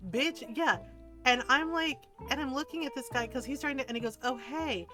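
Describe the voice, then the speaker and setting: A woman's voice: high voice, moderate pace, music in the background. A woman streamer chatting casually on a gaming livestream, telling stories with lots of swearing and acting out what other people said. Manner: animated storyteller, swears freely, acts out what people said.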